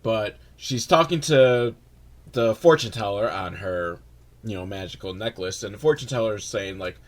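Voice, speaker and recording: A man's voice: lowish voice, moderate pace. A man giving a sarcastic, rambling, profane comedic recap of a movie, full of mocking asides. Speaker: movie reviewer.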